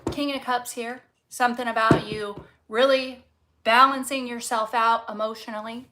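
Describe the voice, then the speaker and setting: A woman's voice: a little high, steady tone, normal speed, pushed and bright, a little hiss or hum, low-quality recording. A woman reading tarot cards casually to camera, fervent and encouraging, swearing freely and repeating words for emphasis. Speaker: tarot reader.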